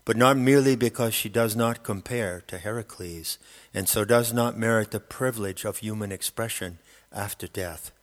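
A man voicing a regal, wistful queen of the dead in an audiobook, his tone husky and measured, with a long reverb on the recording. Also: lowish voice, lightly acted. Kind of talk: audiobook character reading.

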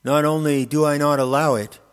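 A man voicing a regal, wistful queen of the dead in an audiobook, his tone husky and measured, with a long reverb on the recording. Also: a little high, steady tone, voice pushed up, natural voice. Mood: pensive. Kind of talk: audiobook character reading.

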